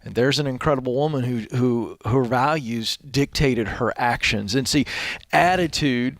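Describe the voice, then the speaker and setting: A man's voice: medium pitch, moderate pace, dry recording, studio quality. A man co-hosting a radio talk show, speaking in an earnest, affirming way. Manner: earnest, affirming, telling an anecdote. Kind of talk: casual on-air talk.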